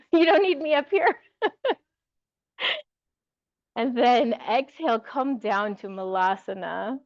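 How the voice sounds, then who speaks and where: A woman teaching a yoga class, giving calm, encouraging cues and laughing lightly now and then. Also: fairly high pitch, slow pace, long pauses, no room sound, dull audio. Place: yoga studio with music.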